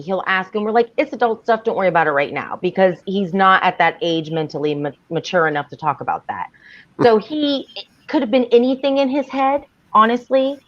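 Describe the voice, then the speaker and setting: A woman chatting casually on a panel, animated and laughing as she talks. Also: mid-range voice. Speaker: panel guest. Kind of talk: casual chat. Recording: dull lo-fi audio.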